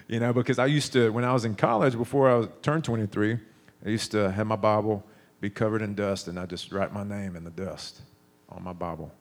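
A man's voice: on the low side, a little fast. A man in his thirties preaching a sermon, telling stories in a conversational way with frequent restarts.

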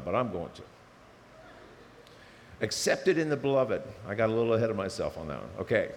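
Fervent preacher in a big echoing hall. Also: male voice, medium pitch. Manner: animated, swings from loud fervor to hushed asides. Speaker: pastor. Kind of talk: sermon. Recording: reverberant hall with faint noise.

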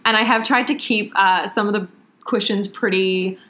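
A woman's voice: mid-range voice, steady tone, normal speed, fairly bright tone. A woman from New Zealand with a New Zealand accent, co-hosting a podcast in chatty, eager casual talk. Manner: chatty and eager, with many fillers. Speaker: podcast co-host.

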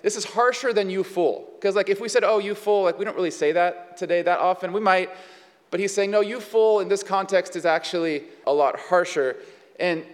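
A man's voice: high voice, long reverb tail. A man preaching a sermon in a conversational way, with frequent fillers and rhetorical questions. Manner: conversational, with many fillers and asides. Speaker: pastor.

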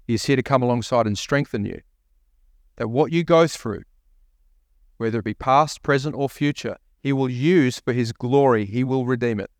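A man's voice: mid-range voice, normal speed, no room sound, studio quality. A male pastor preaching a sermon, asking the congregation rhetorical questions and reading scripture aloud. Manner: reads scripture aloud, voicing the prophet's lines.

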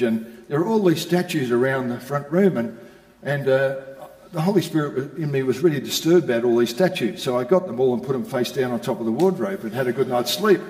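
A man's voice: medium pitch, a little mellow. An older man preaching, telling a personal testimony and rising into emphatic exhortation. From Australia. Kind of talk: sermon testimony. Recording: echoey hall.

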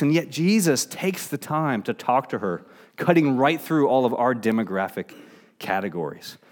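Middle-aged male pastor, conversational sermon delivery, restarts and fillers, mid-pitched.

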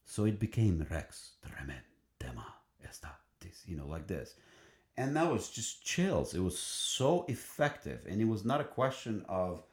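A man's voice: on the low side, very animated, darkish tone, echoey room. A man who sings in a choir, telling an enthusiastic story in conversation, often restarting his sentences. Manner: enthusiastic, halting with many restarts and fillers. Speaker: choral singer.

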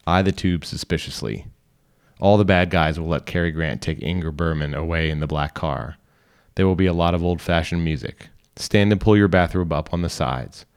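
A man reading a short story aloud in calm, instructional second person. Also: sits low, normal speed, clear, resonant tone. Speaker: reader. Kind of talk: scripted narration.

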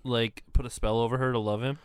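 A man's voice: medium pitch, flat delivery, quick pace, smooth, no room sound, clean studio sound. Incredulous man reacting with laughs. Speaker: podcast co-host. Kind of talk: casual chat.

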